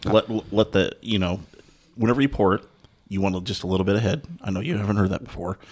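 A man's voice: lowish voice, quick pace, a little mellow. A man in casual podcast chat, explaining in a knowing way. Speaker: podcast co-host. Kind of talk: casual chat over beer tasting.

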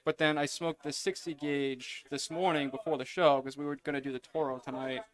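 A man's voice: a little high, fairly even intonation, a little fast. A man reviewing cigars on a podcast, talking casually and enthusiastically with many fillers. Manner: filler-heavy, enthusiastic tasting notes. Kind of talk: casual chat.

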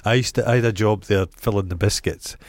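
A Scottish man co-hosting a podcast in casual chat, trading crude, deadpan banter. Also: on the low side, fast, no room sound, studio quality. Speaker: podcast co-host.

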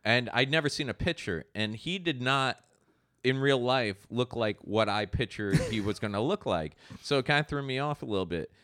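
A man hosting a podcast, chatting casually and telling loose stories with animated quoted lines. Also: mid-range voice, moderate pace, dry recording. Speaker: podcast host. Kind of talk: casual chat.

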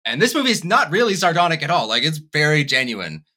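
A man hosting a casual movie discussion podcast, talking in a wry, sardonic way with quick asides. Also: on the high side, sing-song, sharp tone. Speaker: podcast host.

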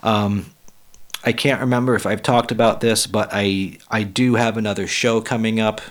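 A man hosting a solo podcast, blunt and profane, with a raspy voice as he gets over the flu. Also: lowish voice, fairly even intonation, normal speed. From Western Massachusetts. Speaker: podcast host and comedian. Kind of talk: casual solo podcast talk.

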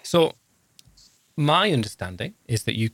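A man's voice: mid-range voice, sing-song, unhurried, a bit bright, dry recording. A man in his fifties co-hosting a podcast, chatting casually in a jokey, rambling, self-deprecating way. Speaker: podcast co-host, social worker. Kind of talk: casual chat.

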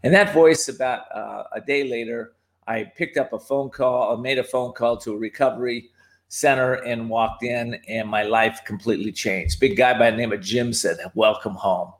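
A man's voice: medium pitch, steady tone, moderate pace. A man as a podcast guest, telling his life story in a reflective way, with fillers and restarts. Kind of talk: personal storytelling.

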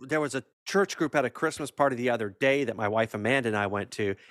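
A man's voice: mid-range voice, fast, dry recording, clean studio sound. A man, a pastor co-hosting a podcast, chatting casually with wry humor. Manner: wry, deadpan jokes. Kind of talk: casual chat.

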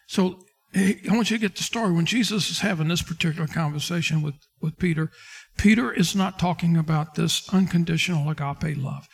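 Man pastor, high-pitched, preaching a sermon and acting out scripture scenes. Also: fairly quick, creaky, slightly rough. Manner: preaching with King James quotes and dramatic retellings.

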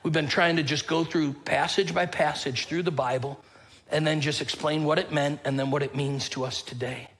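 A man preaches from the pulpit in a relaxed, chatty way, with quips and little stories. His voice sits a bit higher than most men's. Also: moderate pace, rough recording. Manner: conversational, joking storyteller with a casual drawl. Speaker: pastor. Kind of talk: sermon.

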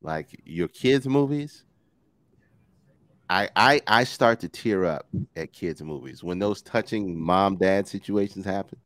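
Forties male co-host, low voice, lively and jokey, dry close sound. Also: measured pace, dry recording. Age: 40s. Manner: animated, joking, swearing, laughs often. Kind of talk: casual chat.

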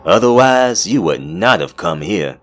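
A man's voice: low voice, expressive, a little slow, fairly bright tone. A man voicing a sly, menacing male monster caretaker with a mock-genteel manner, over background music. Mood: sly menace. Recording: music playing underneath.

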